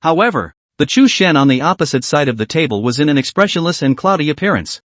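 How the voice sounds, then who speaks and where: A man reading a scripted story recap as narrator, in an even storytelling manner. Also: fairly high pitch, quick pace, no echo.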